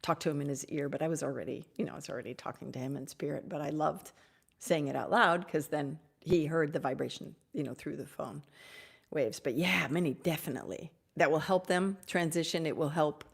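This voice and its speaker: A woman hosting a live Q&A on spiritual topics, effusive and gushing, sometimes dropping into soft whispers. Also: low-pitched, vocal fry, husky. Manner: warm, effusive, drops to soft whispers at times. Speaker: host answering audience questions.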